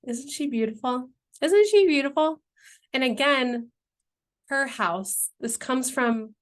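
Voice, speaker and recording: A woman, earnestly describing her business dream in a heartfelt, rambling vlog, searching for words and near tears at times. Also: a little high. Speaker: entrepreneur presenting her brand vision. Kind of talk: emotional, heartfelt vlog pitch.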